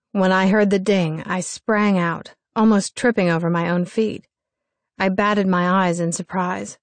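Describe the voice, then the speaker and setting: A young woman narrating a first-person story in an expressive, wry reading style. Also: fairly low pitch, no echo. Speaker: audiobook narrator.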